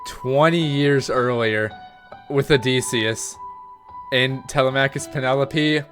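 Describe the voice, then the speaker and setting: A man's voice: mid-range voice, takes it slowly, a bit bright, soft background music. A man hosting a reaction video, chatting casually and wondering aloud as he talks. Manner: rambling, self-questioning, chatty.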